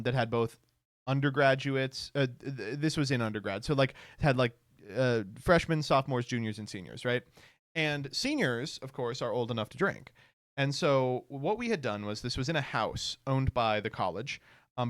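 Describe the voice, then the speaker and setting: A young man telling a rambling story on a livestream, sarcastic and quick to laugh, jumping into quoted voices. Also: medium pitch, fairly bright tone, no echo, clean studio sound. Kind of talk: casual storytelling on stream.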